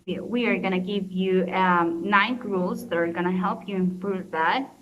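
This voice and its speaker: A woman's voice: medium pitch, steady tone, measured pace, fairly bright tone, reverberant, muffled recording, slight background noise. A young woman with a Colombian Spanish accent, a native Spanish speaker, explaining pronunciation rules to a class in a casual, encouraging way. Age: young adult. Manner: casual, encouraging teacher tone with fillers. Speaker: student presenter.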